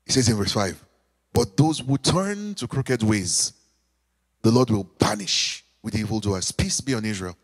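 A man preaching a sermon, animated, with call-and-response, sudden shouts and sung lines. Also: mid-range voice, slightly rough, long reverb tail. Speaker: pastor.

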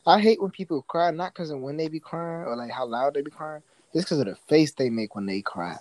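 A man's voice: on the high side, expressive, a little fast, darkish tone, dry recording, poor audio. A man co-hosting a casual podcast, joking around and acting out little quotes. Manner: playful, jokey, acts out little quotes. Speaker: podcast co-host.

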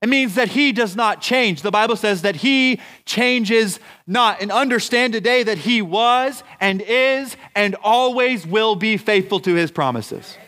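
A man preaching a sermon as pastor, deliberate and emphatic, asking his congregation rhetorical questions. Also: high voice, bright, forceful tone. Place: church.

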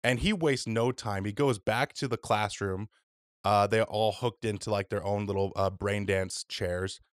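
A man hosts a casual podcast chat in a relaxed, unhurried way, his voice sitting a little low. He swears freely and leans on fillers like "like" and "um". The sound is dry and close. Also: no echo. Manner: laid-back, swears freely, many fillers. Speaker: podcast host.

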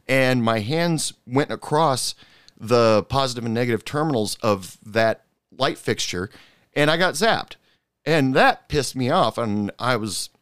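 A man's voice: medium pitch, a bit bright, no room sound, studio quality. A middle-aged man hosting a podcast and telling casual stories about bartending. He talks animatedly with frequent fillers, and his voice jumps up sharply when he gets annoyed. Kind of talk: casual storytelling monologue.

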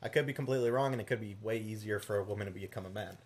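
A man's voice: on the low side, rapid-fire. A man in a casual podcast chat, laid-back and blunt, swearing freely as he talks.

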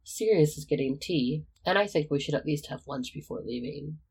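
Calm wry young man, read by a narrator. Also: mid-range voice, normal speed, creaky, husky.

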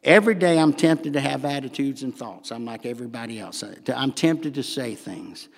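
An older man with a Southern accent preaching a sermon in a church, folksy and animated with humorous asides. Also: mid-range voice, moderate pace, creaky. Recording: long hall reverb.

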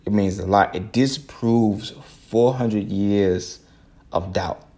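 A man's voice: fairly low pitch, takes it slowly, mellow. A young American man hosting a solo podcast, talking earnestly and preaching a little, repeating phrases for emphasis. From United States. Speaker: podcast host. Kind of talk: casual solo podcast monologue.

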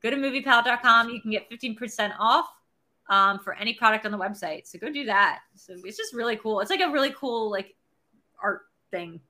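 A woman's voice: on the high side, brisk, pushed and bright. A woman co-hosting a casual movie podcast, chatty and full of fillers as she plugs things and announces shows. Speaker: podcast co-host. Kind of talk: casual chat.

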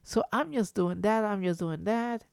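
A man's voice: sits high, moderate pace, vocal fry, clean tone, no room sound. A man tells a story casually and loosely, stumbling over his words and restarting them. His voice sounds dry and close, with no room around it. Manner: rambling, animated, swears, repeats and restarts. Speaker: vlogger.

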